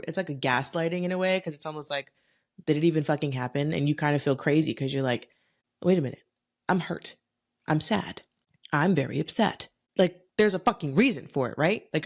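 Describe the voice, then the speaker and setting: A woman hosting a solo podcast, talking bluntly with lots of swearing and emphatic rhetorical questions. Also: sits low. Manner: talks herself through feelings aloud. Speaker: podcast host.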